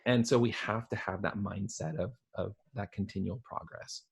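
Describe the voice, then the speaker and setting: A man's voice: fairly low pitch, moderate pace, vocal fry, husky. A man guesting on a podcast, talking casually and earnestly, building his points through repetition. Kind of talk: casual conversational chat.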